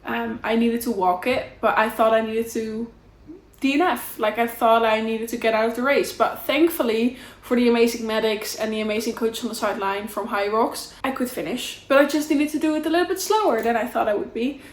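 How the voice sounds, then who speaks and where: Young dutch girl yapping to camera, kinda high voice, roomy echo around her. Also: a little fast. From Netherlands. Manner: chatty, rambling, warm and candid. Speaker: vlogger. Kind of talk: casual catch-up chat to camera.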